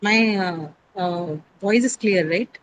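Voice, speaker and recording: A woman's voice: medium pitch, slow, poor audio. A woman teaching English stress rules over a video call, explaining patiently, quizzing her students and often checking with "right?". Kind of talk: online class lecture.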